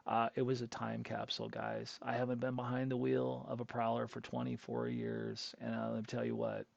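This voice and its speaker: Gravelly-voiced man telling a casual story. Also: medium pitch, moderate pace, a little mellow, no room sound. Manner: rambling, conversational, self-correcting. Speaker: channel host. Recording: dull lo-fi sound.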